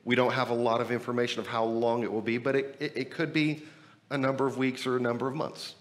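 A man preaching as a pastor, energetic and emphatic, asking rhetorical questions while he is losing his voice. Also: mid-range voice, fast. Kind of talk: sermon and church announcements. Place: church building, temporary meeting room.

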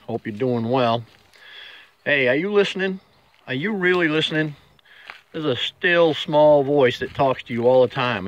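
A man's voice: medium pitch, a bit bright, muffled recording. A middle-aged man hosting a daily motivational vlog, telling stories in a folksy, earnest way straight to the viewer. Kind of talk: casual inspirational storytelling.

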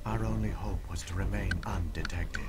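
An actor playing an ancient alien AI hologram, with a calm and measured, formal way of speaking. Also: male voice, low-pitched, noisy background, close to an everyday voice. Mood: solemn. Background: game music.

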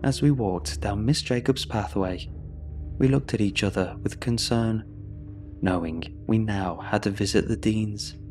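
Male horror narrator, low steady voice, measured delivery, faint music underneath. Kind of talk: scripted horror story narration.

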